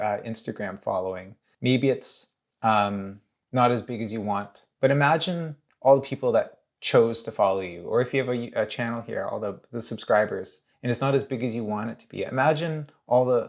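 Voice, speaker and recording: A man hosting his own channel, talking candidly and earnestly in a halting way, with many restarts. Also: fairly low pitch. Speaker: illustrator and channel host. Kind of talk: candid casual monologue.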